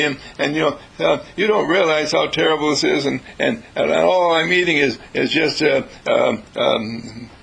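A man's voice: fairly high pitch, vocal fry, a bit bright, slightly rough, pitched above the performer's own voice, heavily acted, poor audio. A man voicing a self-pitying male prisoner who complains in long rambling lists of his troubles.

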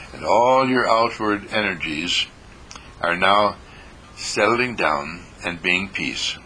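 An older man leading a guided meditation, speaking slowly and soothingly with deep audible sighs and breaths. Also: bright, forceful tone, slight background noise, low-quality recording. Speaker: meditation teacher.

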